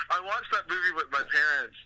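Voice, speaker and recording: A man's voice: a little high, normal speed, heavy background noise. A man co-hosting a casual comedy podcast, telling stories with lots of laughter. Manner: animated storytelling, laughs often. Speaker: podcast co-host. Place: room in Los Angeles.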